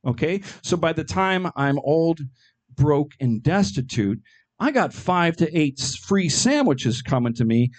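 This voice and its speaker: Middle-aged man doing hesitant deadpan stand-up. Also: fairly high pitch, measured pace. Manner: deadpan absurd jokes, frequent ums and uhs. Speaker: stand-up comedian. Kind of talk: stand-up comedy set.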